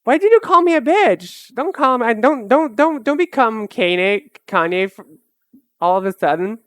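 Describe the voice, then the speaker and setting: A woman's voice: on the high side, animated, normal speed, a bit bright, no echo, clean studio sound. Chatty young woman streaming a game. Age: 20s. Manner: chatty, rambling, stumbling restarts. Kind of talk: casual gameplay livestream chat.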